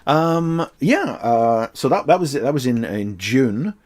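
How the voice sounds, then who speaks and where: A man's voice: mid-range voice, sing-song, takes it slowly, darkish tone. A man with a Northern Irish accent hosting a casual livestream, talking hesitantly with many fillers and restarts. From Northern Ireland. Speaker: livestream host.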